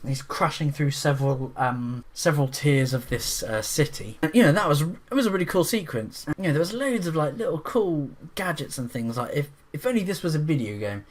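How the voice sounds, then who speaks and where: A man reviewing a film in a casual, rambling monologue, restarting his sentences often and getting excited about the scenes he describes. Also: on the high side. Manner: rambling, with frequent restarts and fillers; enthusiastic, breaks into quick voices.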